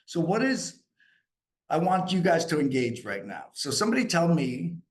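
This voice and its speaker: A man from New York coaching a group live, energetic and asking the group questions. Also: a little high, normal speed. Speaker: sales coach.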